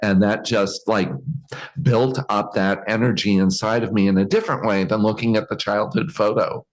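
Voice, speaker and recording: Man, fairly low voice, group coaching facilitator, reflective, restarts phrases, video call. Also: fairly even intonation, moderate pace. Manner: reflective, admiring, trailing restarts. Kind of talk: casual group coaching talk.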